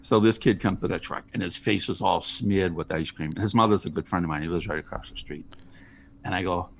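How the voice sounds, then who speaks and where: A man, a guest on a podcast, telling jokey, animated stories in casual chat. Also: deep voice, brisk, creaky, a little hiss or hum. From Charlestown, Boston area. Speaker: guest, ice cream truck driver.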